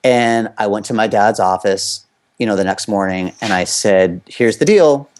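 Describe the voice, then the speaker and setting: Slightly low-voiced man telling a candid story. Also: steady tone, normal speed, a little hiss or hum. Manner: conversational, frequent fillers, loose run-on phrasing. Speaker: interview guest, former competitive skater.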